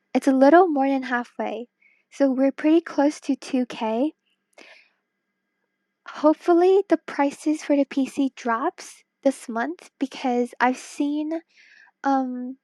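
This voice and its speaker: A woman streamer chatting casually with viewers while drawing, giggly and excitable, talking into wireless earbuds. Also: sits high, no echo.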